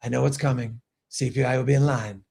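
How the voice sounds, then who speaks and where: A man's voice: medium pitch, fairly even intonation, quick pace, vocal fry, dark tone, husky. A man doing an impression of a boastful older male president who rambles and brags. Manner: bragging, rambling, repetitive.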